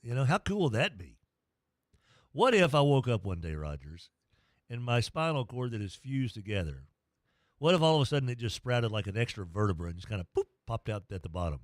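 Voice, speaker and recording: A man's voice: medium pitch, very animated, brisk, dry recording. Sports radio guy, middle-aged, rambles and cracks jokes on himself, dry close mic. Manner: rambling, jokey, self-deprecating. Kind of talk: casual sports talk radio.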